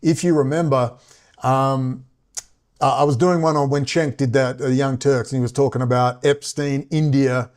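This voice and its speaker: A man ranting in casual commentary, sarcastic and mocking, often jumping into high exasperated tones. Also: steady tone, moderate pace, a little mellow. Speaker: vlogger.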